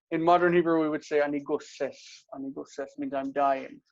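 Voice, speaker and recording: A man teaching a casual Hebrew grammar lesson, explaining step by step and repeating words slowly. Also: on the high side. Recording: dull lo-fi recording.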